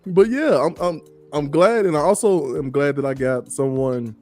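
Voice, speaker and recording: A man's voice: fairly high pitch, moderate pace, mellow, faint music behind. A man from the American South hosting a podcast in a laid-back, chatty way, laughing easily. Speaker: show host. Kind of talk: casual podcast chat.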